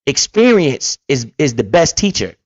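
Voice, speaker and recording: A man in the middle of a heated reaction rant, swearing and preaching about money. His voice sits a little high. It is recorded close and dry on a slightly dull, lo-fi mic. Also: very animated, a little slow, dry recording. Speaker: finance commentator reacting to a clip. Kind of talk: fired-up reaction commentary.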